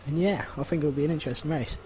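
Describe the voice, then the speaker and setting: A man's voice: on the high side, racing, mellow, muffled recording, slight background noise. Young male co-commentator coaching a lap. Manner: coaching second-person talk-through. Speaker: co-commentator, strategy analyst. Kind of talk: sim racing lap analysis.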